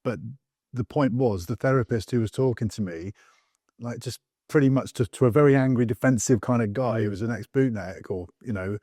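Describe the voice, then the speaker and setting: A man hosting a podcast interview, sharing his own experience in a reflective, halting way. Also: mid-range voice, warm tone, no echo, studio quality. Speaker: podcast host, former Royal Marine. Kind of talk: conversational interview.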